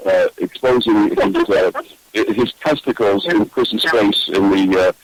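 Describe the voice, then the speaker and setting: A man's voice: fairly low pitch, a little slow, breathy edge, poor audio. A man co-hosting a radio talk show, explaining things and teasing his friend in casual chat. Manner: teasing, lively.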